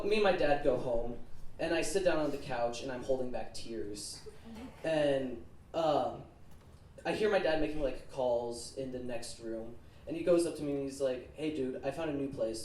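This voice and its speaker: A man's voice: mid-range voice, darkish tone, a little hiss or hum. A teenage boy telling a rambling story on stage as a student comedian, with lots of filler words. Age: teens. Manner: nervous, rambling storytelling with many "like"s. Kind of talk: stand-up comedy set. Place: comedy club stage with laughing audience. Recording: roomy, distant club recording with crowd.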